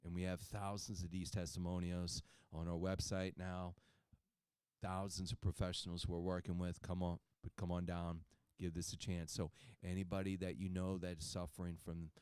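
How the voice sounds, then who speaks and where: Low-voiced man giving a folksy sales pitch. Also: level tone, moderate pace, a little mellow, clear, resonant tone, no room sound. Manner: folksy, emphatic, says "okay?" and "right?" to the audience. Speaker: clinic owner presenting supplements.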